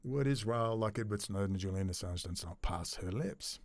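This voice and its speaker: A man giving a ranting solo commentary, sarcastic, swinging between low muttering and loud mocking outbursts. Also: very animated, brisk, few pauses, no echo, studio quality. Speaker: commentary host.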